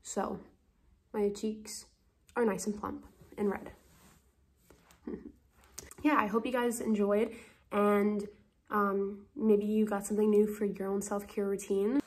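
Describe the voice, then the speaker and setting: A woman's voice: mid-range voice, level tone, slow, long pauses, slightly rough. A young woman chatting casually in a beauty vlog, talking to the camera with fillers and small laughs. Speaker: beauty vlogger.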